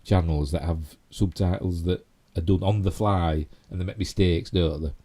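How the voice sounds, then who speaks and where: Low, dark-voiced Yorkshire man rambling. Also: steady tone, moderate pace. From Yorkshire, England. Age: middle-aged. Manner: rambling, chatty, self-mocking asides. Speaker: YouTube host. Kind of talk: casual live-stream chat.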